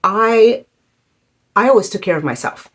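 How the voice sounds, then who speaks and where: A woman in her fifties telling a personal story in a halting, emotional way, with many fillers. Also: mid-range voice, animated, slightly rough. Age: 50s. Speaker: vlogger.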